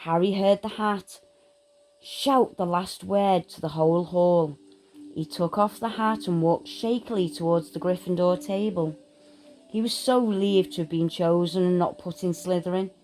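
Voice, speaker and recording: A woman reading a children's fantasy storybook aloud, in a steady, expressive way. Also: on the low side, normal speed, low-quality recording.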